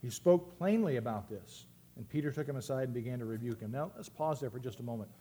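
A man's voice: mid-range voice, expressive, fast talker, warm tone, slightly rough. A man preaching a sermon as pastor, earnest and reflective, often restarting his phrases.

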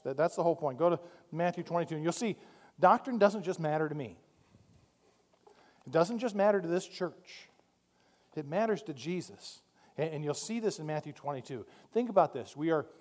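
A man preaching a sermon from a church pulpit, animated, moving between quiet asides and loud emphatic points. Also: high voice. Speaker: pastor. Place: church sanctuary. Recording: long hall reverb.

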